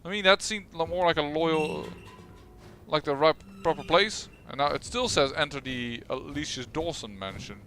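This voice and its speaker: Faint game music plays behind a male let's-play host who narrates his gameplay with dry, self-deprecating humor. He speaks at a normal speed in a slightly bright, higher-pitched voice, with a touch of background noise.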